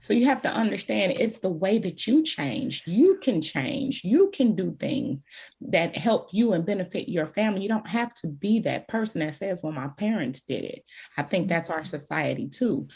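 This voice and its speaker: Gravelly, husky woman talking frankly. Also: on the low side, normal speed. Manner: emphatic, frank, animated storytelling. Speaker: guest expert on childhood trauma. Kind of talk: candid podcast conversation.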